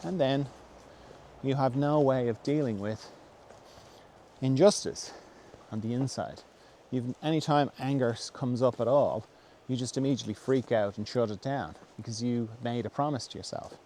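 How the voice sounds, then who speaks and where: A man speaking softly and reflectively at a middle pitch, as if thinking aloud. He pauses, restarts and searches for words. A faint hiss sits under his voice. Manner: softly acts out quoted voices, dropping to a whisper. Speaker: host answering a viewer's question. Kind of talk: reflective spoken talk on self-help.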